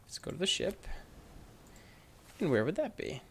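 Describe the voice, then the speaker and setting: A man's voice: fairly high pitch, wildly swooping pitch, normal speed, vocal fry, a little hiss or hum. A man playing a mystery video game and thinking aloud, unsure and musing as he goes. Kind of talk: let's play commentary.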